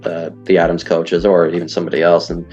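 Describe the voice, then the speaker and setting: A man's voice: low-pitched, monotone, fast, darkish tone. A man, chatting casually as an interview guest, rambling and self-deprecating. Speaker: guest, league player. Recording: dull lo-fi audio, faint music.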